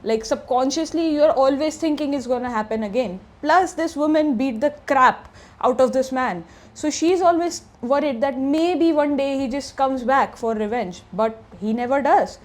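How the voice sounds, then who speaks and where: A woman's voice: high voice, normal speed, a little mellow. A woman retelling a true crime story in a casual, chatty way, slipping into present tense and fillers.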